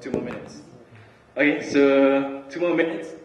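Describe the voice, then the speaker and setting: A man's voice: mid-range voice, a little slow, lo-fi sound. Young guy chatting to a student crowd, loose and rambling, echoey hall, mic kinda far off. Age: young adult. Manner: relaxed, chatty, many fillers and restarts. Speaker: student speaker. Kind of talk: casual student talk and spoken word. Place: large hall. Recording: roomy hall recording from far off.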